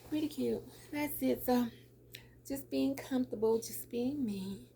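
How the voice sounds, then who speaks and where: A woman's voice: sits high, a little slow, vocal fry, dark tone, slight background noise. A middle-aged woman talking casually to camera in a lunchtime vlog, chatty, repeating her words and laughing often. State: teary. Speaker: vlogger.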